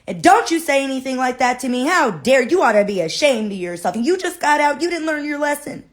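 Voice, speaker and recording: A woman's voice: sits low, moderate pace, voice pushed down, natural voice. A woman voicing a prim, indignant neighborhood woman who scolds in proper, outraged tones.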